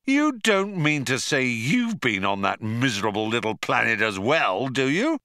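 A man voicing an excitable, exasperated space traveller who shouts in alarm. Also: medium pitch, measured pace, no room sound, clean studio sound, exaggerated voice.

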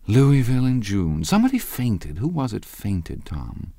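Guy doing a bossy fretful young woman, still fairly low voice, dry close audio. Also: huge pitch swings, a little slow, gravelly, warm tone, no echo, full character voice. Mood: wistful. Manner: peevish, imperious. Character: sharp-tongued young woman, restless and fretful. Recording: dry close studio sound.

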